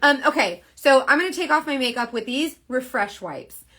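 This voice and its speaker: A woman's voice: sits high, animated, normal speed, sharp tone. A woman selling makeup on a casual live stream, talking in a rambling, earnest way with many fillers. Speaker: makeup seller.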